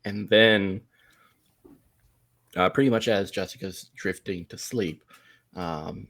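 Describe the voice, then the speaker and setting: A man narrating as game master of a tabletop game, unhurried and rambling, with many ums and likes. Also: deep voice, steady tone, gravelly, a bit bright.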